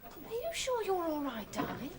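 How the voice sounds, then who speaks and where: A woman playing a shrill, fussing sitcom housewife who ends every line with "darling". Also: wildly swooping pitch, normal speed, exaggerated voice. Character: shrill nagging sitcom housewife, middle-aged. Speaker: sketch comedy performer. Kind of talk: sketch comedy parody acting. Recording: hissy old TV studio tape.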